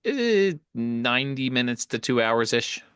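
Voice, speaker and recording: A man's voice: medium pitch, very animated, unhurried, fairly bright tone, smooth, no echo, clean studio sound. A man from Pennsylvania co-hosting a podcast, answering trivia playfully and reasoning aloud. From Pennsylvania, USA. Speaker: podcast co-host. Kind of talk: casual chat.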